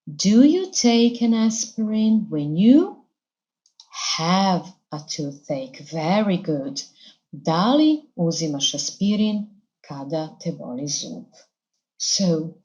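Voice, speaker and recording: A woman's voice: on the low side, warm tone. A woman teaching an English lesson with a Serbian accent, explaining grammar patiently and repeating each point. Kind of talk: televised classroom lesson.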